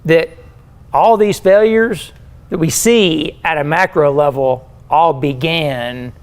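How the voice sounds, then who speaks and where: A man hosting a casual technical panel, eager and agreeable, often chiming in. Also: on the high side. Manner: eager, agreeable, quick to chime in.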